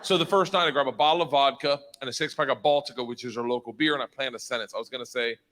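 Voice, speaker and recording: A man's voice: mid-range voice, racing, slight background noise. A man in his fifties, a stand-up comedian telling a story on stage. He swears freely and laughs through his lines. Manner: loud, profane, laughing storytelling.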